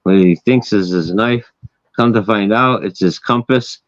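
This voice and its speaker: A man hosting a loose, casual chat, spinning a long story full of swearing and chuckling at his own punchlines. His voice sits on the low side. The recording is dry and a little dull and lo-fi. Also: measured pace, dry recording. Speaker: host.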